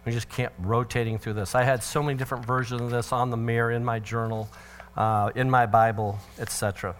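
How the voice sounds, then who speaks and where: A man's voice: mid-range voice, level tone, brisk. A middle-aged male pastor giving a conversational, joking parenting talk at church and acting out quotes in changed voices.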